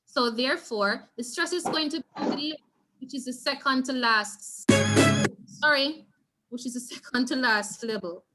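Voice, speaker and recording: A woman's voice: high voice, moderate pace, over loud music. A woman with a Jamaican accent leading an online Spanish revision class, patiently repeating key points and checking in with her students. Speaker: Spanish teacher.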